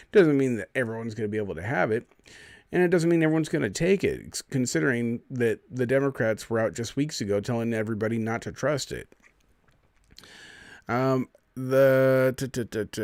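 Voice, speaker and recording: A man's voice: mid-range voice, no room sound. A man hosting a live stream, reading out a news fact check and arguing with it in an indignant, sarcastic running commentary.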